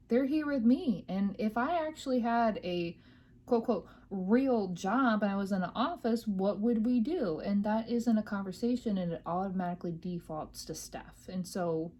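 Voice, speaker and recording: A woman's voice: mid-range voice, moderate pace, warm tone. A woman hosting her own podcast from her home office, talking casually and venting in a rambling way with lots of fillers. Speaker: podcast host. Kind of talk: casual personal chat.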